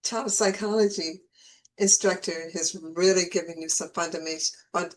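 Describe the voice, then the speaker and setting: A woman's voice: on the low side, fairly even intonation, moderate pace, low-quality recording. A woman hosting an interview show, encouraging and affirming her guest with many short agreements. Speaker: podcast host. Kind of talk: interview chat.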